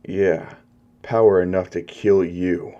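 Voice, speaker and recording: A man's voice: sits low, fairly even intonation, slow pace, highs cut off. A man voicing a cold, strong young male rival who speaks in a curt, dismissive way.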